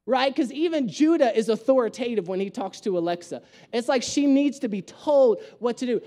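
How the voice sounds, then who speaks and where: A man's voice: very high-pitched, a little fast. A young man, a pastor, preaching a conversational sermon full of jokes and home stories. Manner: animated, joking storyteller.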